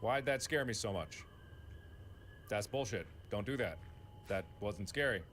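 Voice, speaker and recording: A man's voice: fairly low pitch, expressive, a little slow, fairly bright tone, slight background noise. A man playing a horror game and talking to himself, chatty and joking as he explores. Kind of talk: casual solo game commentary.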